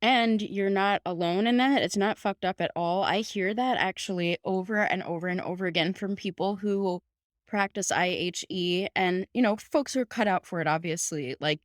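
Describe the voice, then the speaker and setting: A woman's voice: medium pitch, normal speed, no room sound, clean studio sound. A woman in her thirties, a veterinarian hosting a podcast, talking casually and emphatically with frequent laughter and lots of "like". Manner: warm, emphatic, laughs often, many "like"s. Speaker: podcast host, house call vet.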